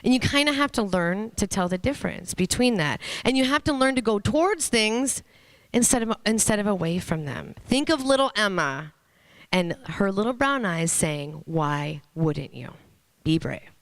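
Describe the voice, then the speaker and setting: A woman in her thirties giving an earnest, storytelling motivational talk on stage, pausing for emphasis. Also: mid-range voice, animated, dry recording. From Minnesota, USA. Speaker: motivational speaker. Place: stage before an audience.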